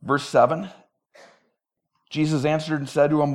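A man's voice: on the high side, steady tone, normal speed, pauses often, darkish tone. A man preaching a sermon in a conversational, emphatic way, often repeating words as he restarts. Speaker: pastor.

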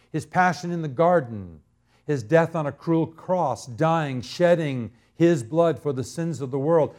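A male pastor delivering a sermon, slow and emphatic, repeating key words for dramatic effect. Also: mid-range voice, a little mellow.

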